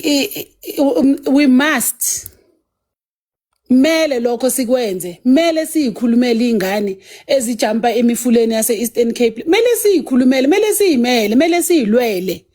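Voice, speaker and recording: A South African woman arguing forcefully in a heated online discussion, switching between English and isiZulu. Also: a little high. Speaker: activist speaker.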